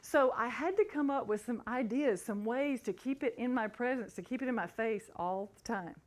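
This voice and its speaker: Animated woman telling a motivational story. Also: on the high side. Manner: animated storytelling, builds from hushed to excited. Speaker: motivational speaker. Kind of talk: motivational talk.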